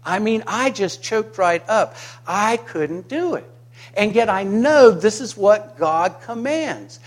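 A man preaching a sermon to his congregation, passionate, asking rhetorical questions and swinging from quiet reflection to loud emphasis. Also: high-pitched, lively intonation, slow pace. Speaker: pastor.

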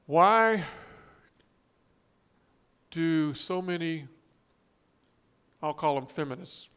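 A man's voice: a little high, moderate pace, a bit bright. A man preaching a sermon, reading scripture and quotes with emphatic, rising stress and frequent restarts. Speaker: pastor.

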